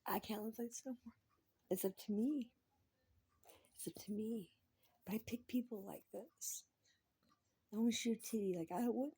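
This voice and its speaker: A woman's voice: a little high, dark tone, breathy edge. A woman talking in a rambling personal monologue, repeating herself, swearing freely and sometimes dropping into a whisper.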